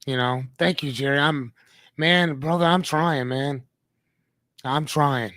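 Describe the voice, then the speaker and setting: A man's voice: a little high, slow pace, a bit bright, no echo, clean studio sound. A man hosting a podcast in a casual, rambling way, often correcting himself and talking to his listeners. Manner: rambling, self-correcting, talks to the chat. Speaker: podcast host.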